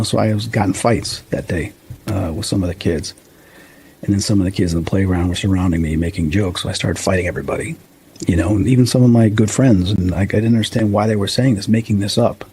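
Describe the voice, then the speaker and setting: A man's voice: on the low side, fast talker, mellow, slightly rough. A man in his fifties, a guest medium, earnestly telling a personal story and acting out the dialogue. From United States. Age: 50s. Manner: earnest, acts out quoted dialogue.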